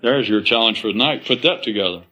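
Animated man giving a rambling talk. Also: fairly low pitch, quick pace, soft background music, poor audio. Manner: animated, acts out quoted voices with laughter. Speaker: speaker addressing a live audience.

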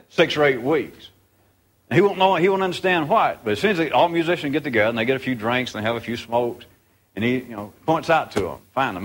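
Animated man talking to a gathered audience. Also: medium pitch. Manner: rambling, conversational, acts out quoted voices. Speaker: speaker addressing a live audience. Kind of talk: unscripted talk to a group.

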